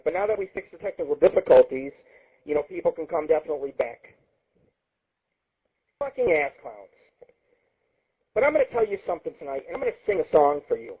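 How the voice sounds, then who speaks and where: High, lively, husky-voiced profane radio host. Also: male voice. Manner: crude, rambling, swears constantly. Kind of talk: profane comedic radio rant. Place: home radio studio. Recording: tinny phone-like lo-fi stream.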